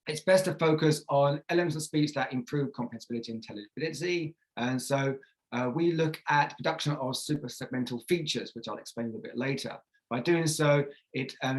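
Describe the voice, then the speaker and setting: A man's voice: mid-range voice, poor audio. A man giving a conference presentation on teaching pronunciation, explaining step by step with frequent fillers and restarts. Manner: models pronunciation examples aloud.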